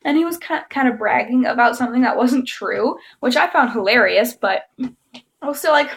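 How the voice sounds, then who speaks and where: With a slightly high voice and a slightly fast delivery, a woman tells a story to her camera in a casual way. She's giggly and chatty, and she animatedly imitates what others said.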